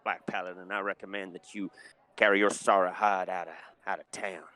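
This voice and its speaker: Suspicious old-timer barkeep, folksy and gruff, a man puts him on with a raised voice. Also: deep voice, level tone, fairly quick, sharp tone, no echo. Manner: folksy, calls people son. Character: gruff middle-aged male barkeep, suspicious.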